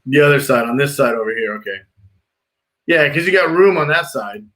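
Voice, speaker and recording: A man's voice: medium pitch, lively intonation, fairly quick, bright, forceful tone. A man working as a pool designer, talking casually and reassuringly with clients about a backyard plan.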